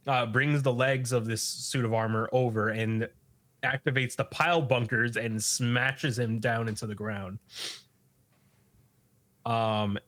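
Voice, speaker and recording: Podcast host, man, unhurried, casual and profane, mid pitch. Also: a bit bright. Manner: loose, profane, laughs often. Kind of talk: casual episode recap.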